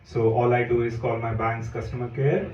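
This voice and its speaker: Indian man in his thirties doing deadpan stand-up, mid-pitch voice, echoey club mic caught from afar, dull and noisy. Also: moderate pace. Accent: Indian English. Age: 30s. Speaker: stand-up comedian. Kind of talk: stand-up comedy set. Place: comedy club room. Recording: echoey, dull room sound picked up from far off with noise. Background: audience laughter.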